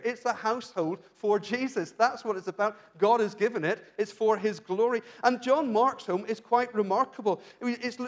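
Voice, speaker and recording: British male pastor, high-pitched, earnest sermon delivery with frequent restarts. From Britain. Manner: earnest, asks rhetorical questions, frequent restarts.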